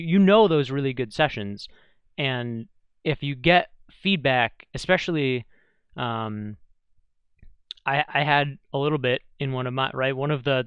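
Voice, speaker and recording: A man with a smooth, clear voice co-hosts a casual podcast, offering reflective advice. He has a medium pitch. The recording is dry and a little dull. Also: a bit bright, dry recording. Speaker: psychologist and podcast co-host. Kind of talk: casual chat. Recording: dry, slightly dull lo-fi sound.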